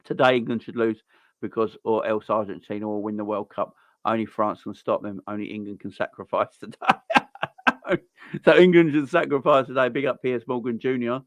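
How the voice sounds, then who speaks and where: A man's voice: on the low side, a little fast, no room sound. A man hosting a football watchalong livestream, chatting casually and bluntly with viewers, repeating himself and using lots of fillers. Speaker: livestream host reacting to a football match. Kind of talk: casual live chat reading viewer comments.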